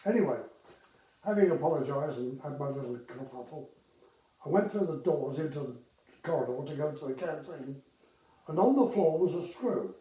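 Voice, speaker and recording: A man's voice: fairly high pitch, expressive, moderate pace, mellow, roomy sound, far from the mic, low-quality recording. An older man casually telling stories from his career, chatty with hesitations and acted-out dialogue. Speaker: retired air traffic controller telling anecdotes. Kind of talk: casual storytelling.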